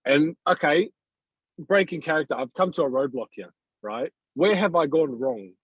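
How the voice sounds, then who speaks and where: A man with a husky voice speaks hesitantly over a video call, repeating words as he works out his thoughts. The sound is dry and close, with no room echo. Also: fairly high pitch, animated, moderate pace, highs cut off. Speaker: car salesman in training. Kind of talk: coaching session, casual.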